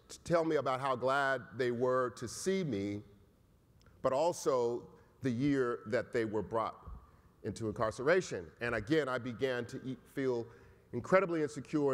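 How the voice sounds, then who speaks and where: Professor telling a story in an echoing hall. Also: male voice, medium pitch. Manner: conversational, often tags lines with "right?". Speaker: keynote speaker, college professor. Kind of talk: storytelling keynote speech. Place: large conference hall. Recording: echoey hall.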